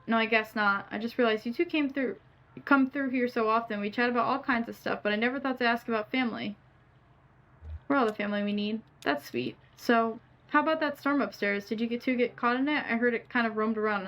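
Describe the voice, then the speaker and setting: A woman streamer reading game dialogue aloud with playful asides, her voice a bit hoarse. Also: a little high, highs cut off. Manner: reads lines in character, playful asides.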